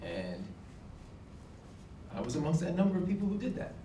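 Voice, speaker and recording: A man in his forties telling a personal story on stage, animated and acting out the dialogue. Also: high-pitched, normal speed, a little hiss or hum. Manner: animated, acts out quoted dialogue with emphatic outbursts. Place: college event hall. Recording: echoey hall from far off.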